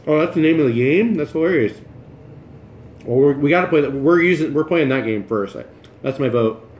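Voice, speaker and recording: A man's voice: a little high, lively intonation, brisk, lo-fi sound, a little hiss or hum. Chatty man livestreaming from a roomy kitchen. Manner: chatty, jokey, talks while moving and chewing. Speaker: livestream cooking host. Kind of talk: casual livestream chat. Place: home kitchen.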